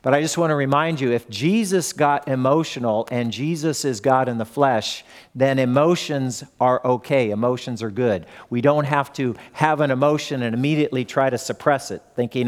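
A man's voice: mid-range voice, moderate pace, few pauses. An older man preaching a sermon in a conversational way, telling family stories and Bible examples. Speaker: pastor.

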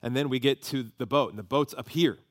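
Guy in his 30s preaching, telling a story all animated, dry close sound. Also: medium pitch, a little fast, no room sound. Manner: animated storytelling, voices rising with emotion. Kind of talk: sermon storytelling.

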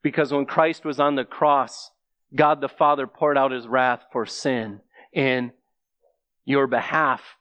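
A man's voice: mid-range voice, steady tone, slow pace, fairly bright tone, no room sound. A man preaching a sermon, speaking earnestly and emphatically straight to his listeners.

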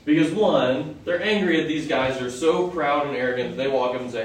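A man's voice: medium pitch, a little fast, few pauses. A male preacher giving a conversational Bible teaching, often asking the audience questions. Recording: echoey hall from far off, faint noise.

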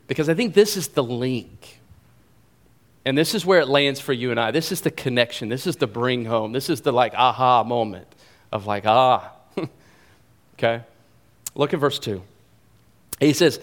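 A man preaching a sermon in a conversational, animated way, often repeating phrases for emphasis. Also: medium pitch, normal speed. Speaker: pastor.

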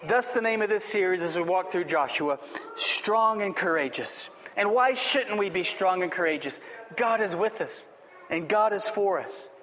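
A man's voice: sits high, lively intonation, normal speed, fairly bright tone, a little hiss or hum. A man pastor preaching a sermon, emphatic and repetitive, building to rising exhortations. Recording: long reverb of a hall.

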